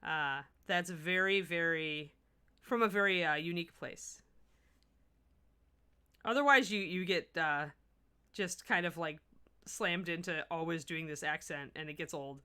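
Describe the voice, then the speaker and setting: A woman's voice: lowish voice, a little slow, long pauses, sharp tone, clear, resonant tone. A woman from the US Midwest hosting a miniature painting livestream, chatting to viewers as she works. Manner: chatty, talks while working, restarts sentences. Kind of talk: livestream painting tutorial, answering chat.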